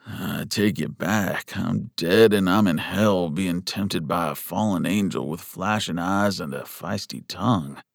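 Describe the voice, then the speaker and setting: A man's voice: sits low, a little slow, vocal fry, hardly any pauses, dry recording, clean studio sound, heavily acted. A man doing a cocky flirting cowboy. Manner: drawling, cocky. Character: brash flirtatious injured cowboy, rough man.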